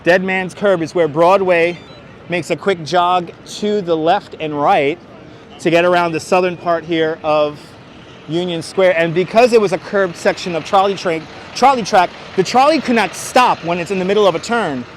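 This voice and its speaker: A man's voice: high voice, moderate pace. A man hosting a walking livestream outdoors, chatting with viewers by name and telling street history through a clip-on mic. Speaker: livestream host and city walking guide. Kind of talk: casual walking tour livestream. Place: outdoors on busy city streets. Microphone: wireless clip-on mic. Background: faint street traffic.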